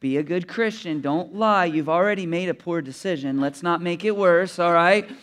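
A man voicing a little shoulder angel who slowly and gently lectures him to be good. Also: smooth. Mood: admonishing. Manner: slow, low and gently admonishing. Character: little shoulder angel, calm moral conscience.

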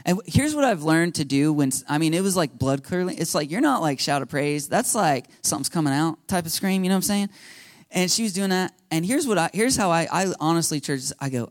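A man pastor telling a story in his sermon, animated, laughing, and acting out quotes. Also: a little high, brisk, no room sound, clean studio sound.

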